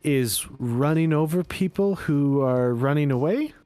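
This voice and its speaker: A man voicing a prim, worried middle-aged mother in a higher voice. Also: expressive, a little slow, dark tone, soft background music. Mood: stern.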